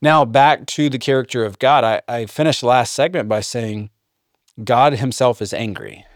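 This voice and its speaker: A man preaching a sermon, reading scripture aloud and joking by mimicking his listeners in high voices. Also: moderate pace, no room sound, clean studio sound. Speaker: pastor.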